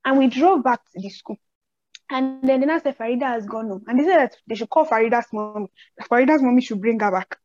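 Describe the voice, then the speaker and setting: A young woman with a Nigerian accent hosting a podcast, telling personal stories in an animated way and acting out the people in them. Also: fairly high pitch, quick pace, no room sound. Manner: animated storyteller who acts out quotes. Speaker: podcast host. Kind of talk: casual chat, personal storytelling. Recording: slightly dull, dry audio.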